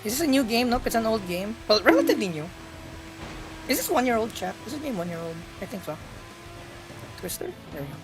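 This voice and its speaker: A woman's voice: fairly high pitch, very animated, fast, pauses often, over music. Playful woman streamer chatting. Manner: chatty and playful, laughs often, talks to chat. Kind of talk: casual live-stream chat while gaming.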